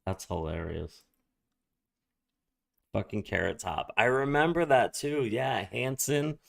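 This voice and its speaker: A male streamer making slow, profane reaction remarks to a clip he is watching. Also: mid-range voice, animated, creaky, a bit bright. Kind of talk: casual reaction commentary.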